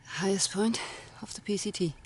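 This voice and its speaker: A woman's voice: mid-range voice, normal speed, a little mellow, a little hiss or hum. A chatty woman narrating a hiking vlog outdoors on a mountain trail into a handheld camera, laughing often. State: cold from icy water. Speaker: hiking vlogger.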